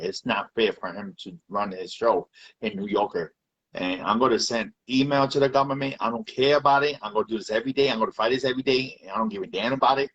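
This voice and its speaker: A man's voice: mid-range voice, fairly bright tone, husky, poor audio. A man giving a heated, repetitive rant on a live video. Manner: heated, repetitive, swears often. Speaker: live video chat participant.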